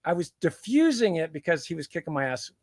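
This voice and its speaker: A middle-aged man spins a story in casual backyard chat, his voice sitting fairly high and leaping all over the place. He laughs and swears freely, and his words land dry and close. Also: sing-song, fast talker, dry recording. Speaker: guest. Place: backyard outdoors.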